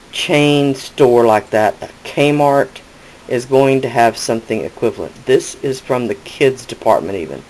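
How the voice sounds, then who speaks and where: A man's voice: mid-range voice, a little mellow, a little hiss or hum, poor audio. Chatty man demonstrating crafts. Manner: chatty, rambling with self-corrections. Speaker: crafting tutorial host. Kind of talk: casual demonstration.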